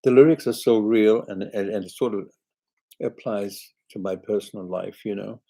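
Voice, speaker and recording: A man's voice: on the low side, normal speed, vocal fry, dark tone, low-quality recording. An older British man, a singer hosting a live chat, reading viewer comments aloud in a chatty, rambling way. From Britain.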